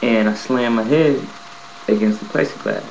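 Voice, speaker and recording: Animated man telling a story. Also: medium pitch, moderate pace, creaky, a little hiss or hum, low-quality recording. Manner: animated, profane, re-enacts scenes. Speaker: vlogger telling a prison story. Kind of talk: casual storytelling.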